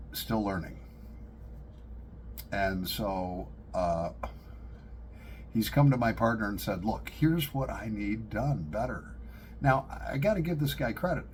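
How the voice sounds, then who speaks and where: A middle-aged man, vlogging to camera and telling animated, joking stories, laughing at his own punchlines. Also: lowish voice, slight background noise. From upstate New York. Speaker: pipe-smoking vlogger. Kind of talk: casual storytelling to camera.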